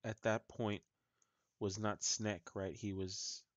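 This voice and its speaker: Male game master, slow deliberate narration, dull lo-fi sound. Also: on the low side, level tone, fairly bright tone, no room sound. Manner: slow, halting narration with fillers. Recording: muffled lo-fi audio.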